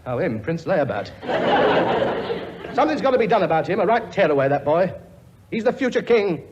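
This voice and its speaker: A pompous king bellows and grumbles in a high, swooping voice full of sarcastic bluster. It sounds like an old, dull broadcast recording. A studio audience laughs loudly behind him. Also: sing-song, normal speed, a crowd in the background, noisy background. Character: blustering pompous male king, bossy and weary. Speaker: lead comic actor. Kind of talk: 1950s radio comedy acting.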